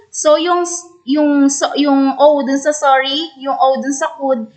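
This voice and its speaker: A woman with a Filipino accent teaches a lesson in a high voice. She explains patiently, opening most sentences with "so". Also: fairly even intonation, a little mellow. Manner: explains slowly, starting sentences with "so". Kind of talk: classroom lesson in Taglish.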